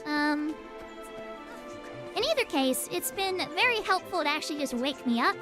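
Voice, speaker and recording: A woman's voice: sits high, lively intonation, moderate pace, over music. A woman streaming a game and chatting playfully, tired but upbeat, through a voice changer. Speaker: VTuber streamer. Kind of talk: casual gaming livestream chat.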